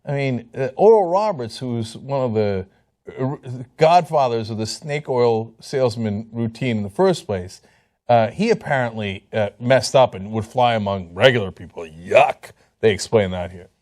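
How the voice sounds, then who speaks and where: A man's voice: medium pitch, expressive, moderate pace, a little mellow. Incredulous, mocking male commentator. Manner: incredulous, mocking, laughing asides. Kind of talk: sarcastic commentary on video clips.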